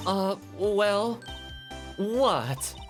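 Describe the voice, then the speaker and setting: A man voicing a cheeky young woman in a high, sheepish tone. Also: expressive, extremely slow, fairly bright tone, faint music behind, full character voice.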